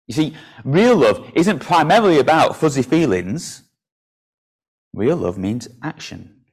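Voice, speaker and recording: A man's voice: animated, unhurried, pauses often, slightly rough. A man preaching a sermon in a church, earnest and solemn on the hard points, then coaxing and playful when he calls children up to help. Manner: earnest, drops low and soft for solemn points. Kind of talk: sermon with a children's object lesson.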